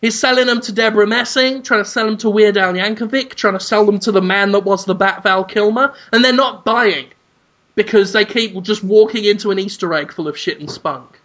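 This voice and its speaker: A man hosting a podcast, crude and rambling in deadpan comedic storytelling. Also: high-pitched, a little fast, dull audio. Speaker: podcast host.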